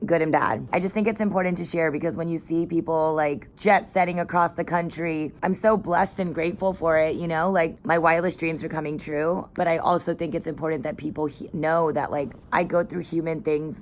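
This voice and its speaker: A woman's voice: low voice, steady tone, a little fast, hardly any pauses, slight background noise. A young woman vlogging in a casual, candid, chatty way, often laughing between sentences. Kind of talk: casual vlog chat.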